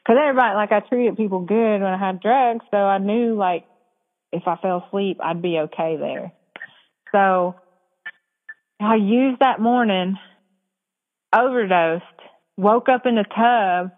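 A woman's voice: mid-range voice, unhurried, pauses often. Frank woman on a tinny line. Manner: casual, frank, laughs often. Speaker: podcast guest. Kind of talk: candid storytelling.

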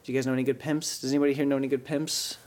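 A man's voice: medium pitch, level tone, very fast. A man co-hosting a podcast, joking through casual comedic banter. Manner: joking, loud laughter, rambling bits. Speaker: podcast co-host.

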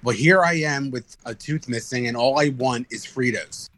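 Bright-voiced man telling rowdy stories. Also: medium pitch, moderate pace. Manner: animated storyteller, swears freely. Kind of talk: casual podcast chat.

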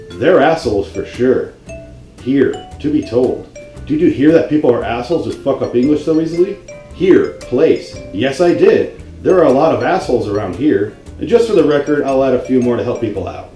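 Male video host with a warm, low-toned voice ranting sarcastically about grammar, swearing a lot, recorded with a roomy echo. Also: lively intonation, moderate pace, faint music behind. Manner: profane, exasperated and sarcastic. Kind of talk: comedic grammar rant.

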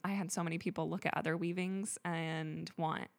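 A woman's voice: lowish voice, flat delivery, normal speed, creaky. A woman guest in a casual interview, telling her story in a chatty way full of "like" and other fillers. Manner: chatty, filler-heavy with frequent "like".

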